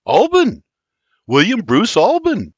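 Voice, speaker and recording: A man's voice: sits high, wildly swooping pitch, slow, breathy edge, no echo, highs cut off, pitched above the performer's own voice, full character voice. A man voicing a polite young Irish immigrant who speaks earnestly with an Irish accent.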